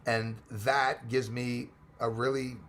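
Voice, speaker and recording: Texan male livestream host, gravel-edged voice, chatty and excitable, thanking viewers as he rambles. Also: mid-range voice, takes it slowly, slight background noise. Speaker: livestream host reading chat. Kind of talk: casual live chat.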